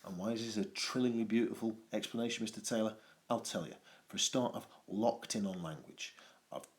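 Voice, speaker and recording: Male teacher, lower pitch, adenoidal and playful, explains a poem to students. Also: brisk. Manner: lively and playful, with jokey asides. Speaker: English teacher. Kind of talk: poetry analysis lesson.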